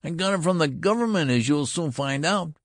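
A man voicing an old man turned into a boy, barking pompous orders in a shrill treble. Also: animated, brisk, no echo, studio quality, close to an everyday voice. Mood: shrill commanding. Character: old man grown young into a boy, fierce and indignant.

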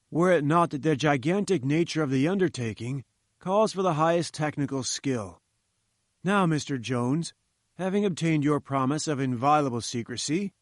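A man's voice: a little high, dry recording, studio quality, lightly acted. A man doing a pompous, lecturing old professor. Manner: condescending, lecturing. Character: pompous, patronizing older male professor. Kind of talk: audiobook reading.

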